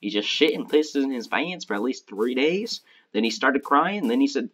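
A man's voice: medium pitch, animated, moderate pace, a bit bright. A man chatting casually with a friend while gaming, telling crude joking stories. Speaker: gamer playing with a friend.

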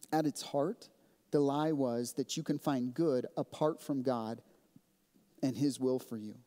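A man delivering a sermon as pastor, earnest and measured, recorded in a church sanctuary. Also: medium pitch, mellow. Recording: long reverb of a church hall.

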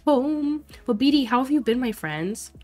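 A young woman from Florida streaming a life sim game, chatting casually with her viewers, reacting loudly and laughing often. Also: high-pitched, expressive, normal speed. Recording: faint music behind.

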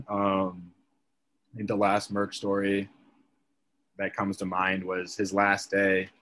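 A man's voice: low-pitched, completely flat delivery, slow, a bit bright, slight background noise. A young man, a podcast guest, telling a story in casual chat, leaning on "like" as a filler. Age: young adult. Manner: chatty, filler-heavy, leans on "like".

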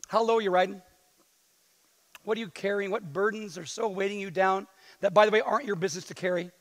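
A man preaching a sermon as pastor, lively and joking with playful asides to the congregation. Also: high voice, quick pace, long pauses. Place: church sanctuary. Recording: long hall reverb in a church.

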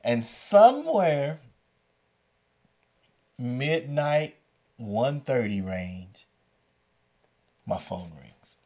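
A man hosting a storytelling podcast, telling a story with lively delivery and acting out the voices. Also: mid-range voice, very slow, pauses often, slight background noise. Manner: animated, acts out the voices in his story. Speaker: podcast host and educator.

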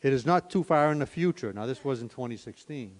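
An older man, a pastor, giving a slow, deliberate close to his sermon in church. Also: medium pitch, animated. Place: church sanctuary.

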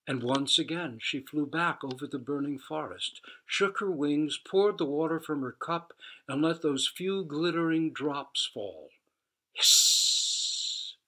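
A man who teaches Zen, telling a fable slowly and expressively. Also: a little high. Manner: slow, expressive storytelling. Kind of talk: storytelling talk.

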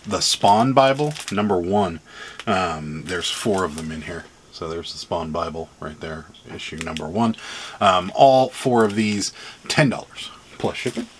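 A man with a Pittsburgh accent talks casually to the camera, rambling and filling gaps with ums and uhs. His voice sits low, with light laughter breaking in. A faint hiss lies under the recording. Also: a bit bright. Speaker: reseller vlogger. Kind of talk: casual vlog, showing items to camera.

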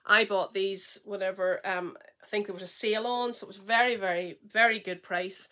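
Chatty woman showing off her knitting, bright clear voice, rambles and trails off, gushes a lot. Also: medium pitch, fairly even intonation, normal speed. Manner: enthusiastic and gushing. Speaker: knitting podcast host. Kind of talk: casual chat showing knitting projects.

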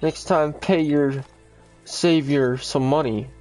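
A man's voice: fairly high pitch, steady tone, slow pace, darkish tone, soft background music. A man giving casual, profane commentary while playing a game, talking trash at the characters on screen. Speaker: gamer.

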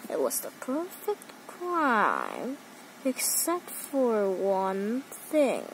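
Slow, animated woman telling a story. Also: mid-range voice, slight background noise, rough recording. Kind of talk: storybook narration with sound effects.

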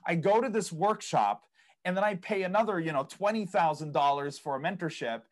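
A male podcast guest with a briskly delivered, higher-leaning voice tells tales of property investing in casual interview chat. He acts out the quoted reactions of others and laughs at his own stories.

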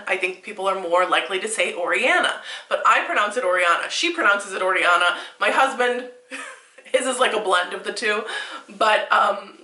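A woman in her thirties, a baby name consultant, reacting to an article on camera, animated and increasingly exasperated, laughing often. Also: medium pitch, roomy sound.

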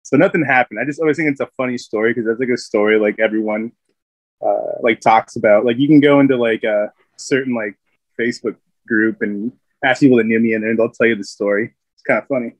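A man's voice: medium pitch, steady tone, fast, no echo. Rambling man telling service stories. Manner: rambling, full of fillers, laughs often. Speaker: Marine veteran guest. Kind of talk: casual storytelling.

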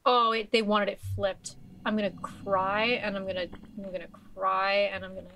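A woman's voice: mid-range voice, flat delivery, moderate pace, pushed and bright, slight background noise. A young woman streaming a video game, chatting casually in a giggly, scattered way full of exclamations and restarts.

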